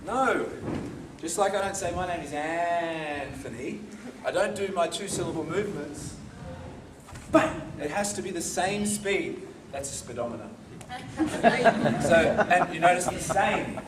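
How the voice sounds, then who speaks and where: A man coaching a karate class in a big hall, his slightly higher voice ringing with echo. He calls out counts and drills the room in call-and-response, heard from across the space over steady background noise. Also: unhurried, long pauses, a crowd in the background. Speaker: karate instructor. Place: large training hall. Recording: echoey hall from far off, noisy.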